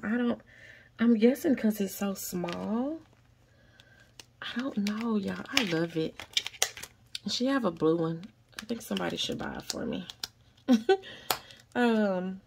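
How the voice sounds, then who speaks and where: Slow, gravelly woman. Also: medium pitch, noisy background. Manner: chatty, addresses viewers as y'all and guys. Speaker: budgeting vlogger. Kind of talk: casual cash-stuffing vlog, counting money aloud.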